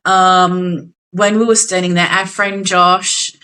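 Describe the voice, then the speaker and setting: Bright, animated Australian woman. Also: on the low side, slow, rough recording. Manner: animated storytelling, swears casually, acts out quotes. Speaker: podcast co-host. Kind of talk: casual chat.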